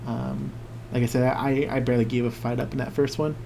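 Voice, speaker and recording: A man's voice: medium pitch, little pitch movement, brisk, vocal fry, dark tone, slight background noise. A man co-hosting a casual podcast, rambling through a story, acting out quotes and laughing often. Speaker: podcast co-host. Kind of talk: casual chat.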